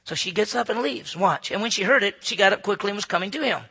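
A male pastor preaching with a very husky, gravelly voice and a sharp, tense edge. His delivery is dramatic, rising to loud emphasis and dropping to hushed, breathy near-whispers. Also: high voice, animated, fast talker. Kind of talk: sermon, Bible teaching.

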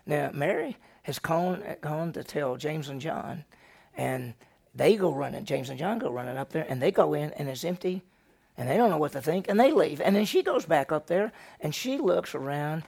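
Man, pastor, Bible lesson, gravelly voice, a little high, animated storytelling, quizzes the class. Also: moderate pace. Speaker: senior pastor.

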